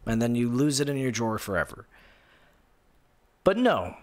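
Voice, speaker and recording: A mid-range male voice with big pitch swings and a moderate pace belongs to a gaming show host ranting on a live stream. Sarcastic and incredulous, he rambles through restarts and fillers and reads out viewer comments.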